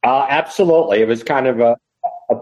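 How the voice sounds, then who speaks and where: A man's voice: medium pitch, fast, a little mellow, low-quality recording. A middle-aged man from New York City, a guest telling his career story in a casual interview with wry, self-deprecating humor. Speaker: guest, retired FBI employee.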